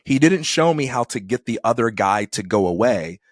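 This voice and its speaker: A middle-aged man talking as a podcast guest, unhurried and reflective, at an ordinary mid pitch. His voice is recorded close and dry, with almost no room sound around it. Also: lively intonation, no echo. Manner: thoughtful, acts out quoted people in dialogue. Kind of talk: reflective conversational storytelling.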